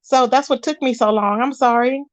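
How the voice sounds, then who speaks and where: A woman with a high voice talks at a normal pace in a dry recording. She's hosting a casual livestream reaction chat, greeting viewers by name and using pet names.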